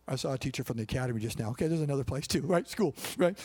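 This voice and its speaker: A male pastor giving a conversational sermon in a large church, often checking in with the congregation through quick rhetorical questions. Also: mid-range voice, lively intonation, darkish tone, breathy edge. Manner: conversational preaching with frequent rhetorical check-ins. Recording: long reverb of a large hall.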